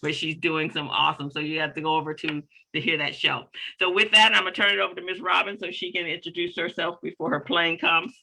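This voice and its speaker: Woman host on a video call, really bright sharp voice, upbeat, plugging her show. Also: on the low side, steady tone, quick pace, vocal fry, few pauses, poor audio. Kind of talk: hosting an online community briefing.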